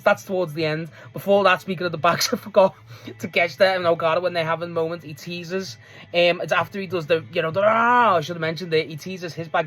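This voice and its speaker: A wrestling show reviewer gives a loose, rambling recap of a match, swearing freely, laughing often and restarting sentences a lot. The voice is medium-pitched and a bit bright.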